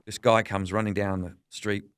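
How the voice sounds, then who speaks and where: Low-pitched Australian man, middle-aged, animated storytelling, dry studio sound. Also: normal speed, clean tone, no echo. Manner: lively anecdotal storyteller, quotes people in character. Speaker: veteran journalist guest. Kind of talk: storytelling interview.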